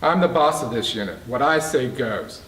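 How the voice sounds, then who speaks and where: A man's voice: a little high, big pitch swings, moderate pace, a bit bright. Smug taunting prison boss, read by a man. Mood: mocking. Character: mocking scheming male prison boss. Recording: roomy, distant mic.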